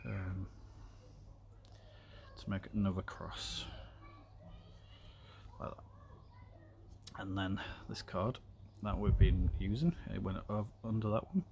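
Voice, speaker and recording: A man with a fairly low voice chats loosely as he works through a craft project, filling pauses with ums and drifting into side topics. There is a faint room noise underneath. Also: vocal fry. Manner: rambling, filler-heavy, talks while working with his hands. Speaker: streamer. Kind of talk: casual craft tutorial chat.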